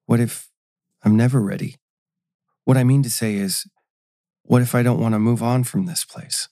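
A man voicing a troubled man who pleads to stay and then shouts in anger, in a narrated audio story. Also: medium pitch, steady tone, moderate pace, creaky, no room sound, clean studio sound, lightly acted. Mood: pleading. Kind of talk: audio drama reading.

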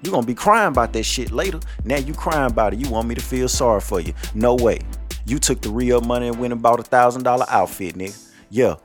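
A man's voice: mid-range voice, fast, soft background music. Profane scolding podcast host, man. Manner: blunt, profane, scolding, preachy. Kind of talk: ranting monologue.

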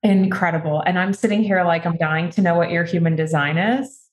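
A woman's voice: lowish voice, fairly even intonation, brisk. A woman hosting a podcast interview, effusive and enthusiastic in casual chat. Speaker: podcast host. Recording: echoey room, faint noise.

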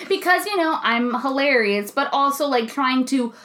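A young woman in a studio, casually chatting as a podcast co-host, animated and quick to laugh as she acts out what people said. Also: sits high. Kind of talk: casual chat, storytelling. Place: recording studio.

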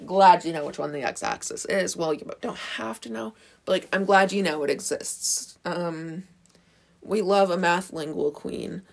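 A woman's voice: fairly low pitch, unhurried, creaky. Girl just rambling on her podcast, sarcastic, fixes herself a lot, phone mic. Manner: rambling, self-correcting. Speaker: podcast host. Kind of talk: casual solo podcast chat.

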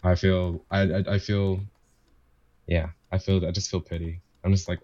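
Low-voiced man telling a rambling story. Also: little pitch movement, normal speed, dark tone, dry recording, muffled recording. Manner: rambling, repeats himself, quotes family members. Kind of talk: casual chat, personal story.

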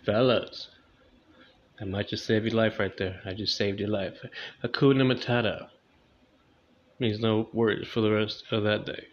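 A man's voice: on the low side, little pitch movement, normal speed, long pauses. A young man doing a loose, crude, slangy stand-up comedy monologue, in a dull lo-fi recording.

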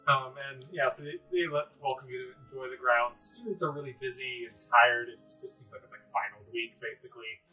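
A woman's voice: rumbling low, brisk, hardly any pauses, bright, forceful tone, recorded from a distance, soft background music, low-quality recording. A woman running a tabletop game as game master, narrating in a loose, chatty way. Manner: loose and chatty, many fillers.

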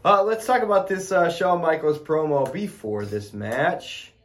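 A man talks through a wrestling match with a co-host in a loose, joking way, laughing often and sounding a little tipsy. His slightly high voice swings up and down with a lively lilt. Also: measured pace. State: a bit tipsy. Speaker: podcast co-host. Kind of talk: casual wrestling recap chat.

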